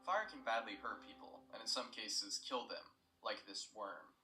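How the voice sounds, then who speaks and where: A man's voice: lowish voice, a little slow, sharp tone, reverberant, recorded from a distance, soft background music. A man voicing a cheerful, murderous male children's-show puppet in a sing-song cheery way.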